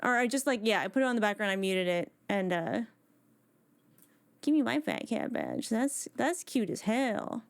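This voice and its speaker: A woman's voice: on the high side, sing-song, normal speed, creaky. A woman live streaming from home on a desk microphone, chatting casually with her viewers and greeting them one by one.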